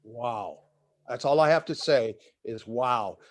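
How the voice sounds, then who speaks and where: An older man giving an indignant, emotional public comment over a video call, halting and repeating himself. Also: mid-range voice.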